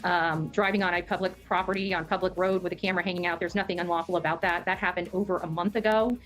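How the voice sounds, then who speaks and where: Quick, defensive woman interviewee. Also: on the low side, steady tone, a bit bright, faint music behind. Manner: defensive, insistent. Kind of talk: news interview answers.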